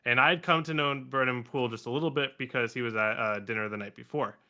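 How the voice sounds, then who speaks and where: Bright-voiced, animated male podcast guest. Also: medium pitch, fast talker. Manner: animated, acts out other people's lines in the story. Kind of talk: casual storytelling chat.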